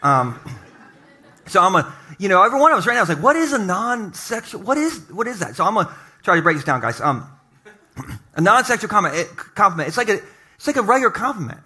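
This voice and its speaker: A man's voice: high-pitched, sing-song, fast talker, pauses often, sharp tone. A middle-aged male pastor giving a humorous, conversational sermon to his congregation in a church. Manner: joking, conversational, talks to the congregation.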